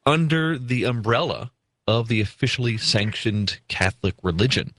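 A man hosting a call-in radio show from a makeshift studio, talking in a relaxed, conversational way. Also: medium pitch, normal speed. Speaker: radio talk show host.

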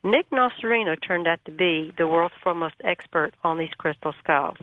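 Animated woman storyteller on a phone line. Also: on the low side, normal speed. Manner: folksy, animated retelling with nonstandard grammar. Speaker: radio show guest. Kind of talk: storytelling on a call-in interview. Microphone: telephone.

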